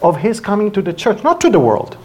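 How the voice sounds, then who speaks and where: Lively preacher for a sermon: big swoops in pitch, acts out voices, with loud peaks and hushed asides. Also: fairly quick, a little hiss or hum. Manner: animated, acts out dialogue with exaggerated voices; swings between loud exclamations and hushed asides. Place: church before an audience.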